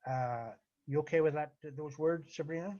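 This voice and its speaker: A man of average pitch chairs a board meeting, formal in tone, stumbling over a few words as he reads a motion aloud. His voice arrives over a video call with a dull, muffled sound. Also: fairly even intonation. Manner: formal, reads motions slowly, halting restarts.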